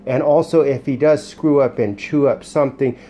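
Soft-spoken man training a dog. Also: medium pitch, steady tone, normal speed, a little hiss or hum. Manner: soft, soothing praise with firm short commands. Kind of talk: casual training demonstration. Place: indoors at home.

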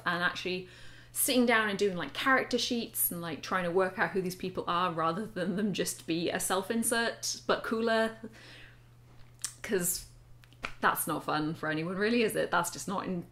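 A woman's voice: medium pitch, a bit bright. A young woman reading her teenage fiction aloud and mocking it with wry, laughing asides. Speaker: vlogger reading her old writing. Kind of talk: casual vlog commentary.

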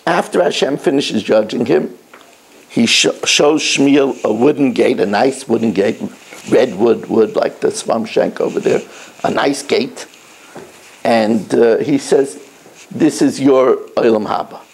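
A middle-aged man, a rabbi, giving an animated sermon to schoolboys, telling stories and repeating his points emphatically. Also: medium pitch, unhurried, gravelly, husky. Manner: animated storytelling, emphatic repetition.

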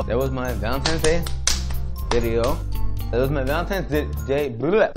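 A man chatting casually to camera as a vlogger, rambling and playful, checking in with the viewer again and again. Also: mid-range voice. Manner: rambling and playful, keeps checking in with "okay?" and "right?". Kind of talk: casual vlog chat to camera.

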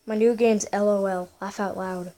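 A woman giving excitable gameplay commentary as a gaming YouTuber, full of gasps, exclamations and playful sing-song bits. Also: mid-range voice, normal speed.

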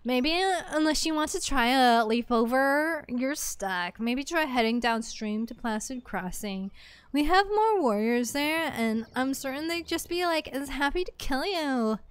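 A woman's voice: sits high, animated, a little slow, clean tone, no room sound. A woman playing a valley-girl guard captain. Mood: mocking. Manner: valley girl drawl, lots of "like". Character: sassy young woman guard captain, dismissive. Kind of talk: reading game dialogue aloud in character.

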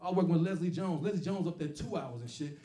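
A man doing a stand-up comedy set, telling stories loudly and profanely and acting out other people's voices, with a laughing audience. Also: fairly high pitch, fast talker, distant mic. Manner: loud profane storytelling, acts out voices. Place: comedy club stage. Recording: echoey club, mic off from speaker, crowd noise.

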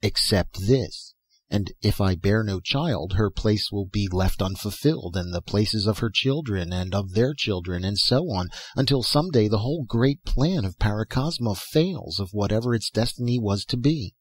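A man reading aloud and voicing a gentle, mournful young woman from a dream world, speaking tenderly and softly. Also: fairly low pitch, animated, normal speed, husky, no echo. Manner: tender, soft-spoken pleading.

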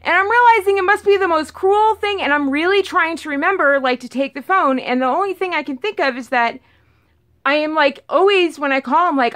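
A woman casually telling a storytime on her vlog, rambling and animated, acting out what everyone said. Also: high-pitched. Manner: rambling, animated retelling full of "like" and acted-out quotes. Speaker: vlogger telling a storytime about her cat.

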